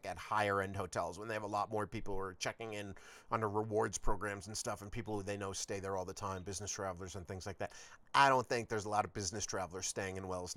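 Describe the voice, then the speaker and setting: A man's voice: on the low side, fairly bright tone, no room sound. A man hosting his own podcast, telling a long road-trip story in a rambling, casual, profane way. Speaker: podcast host.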